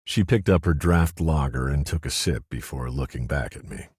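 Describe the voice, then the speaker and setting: A husky, very deep male voice narrates an audiobook in scripted first person. He speaks at normal speed with a darkish tone. The studio sound is clean, with no echo.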